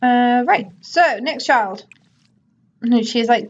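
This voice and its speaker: Slow and given to long pauses, a woman with a fairly high voice provides laid-back let's play commentary on a life-sim game as a gaming YouTuber, ordering her characters about. The recording sounds slightly muffled.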